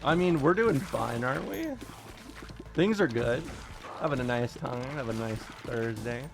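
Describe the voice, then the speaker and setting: A man streaming live, chatting casually and wryly with his viewers, quick to joke and to deny things. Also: medium pitch, creaky, music in the background.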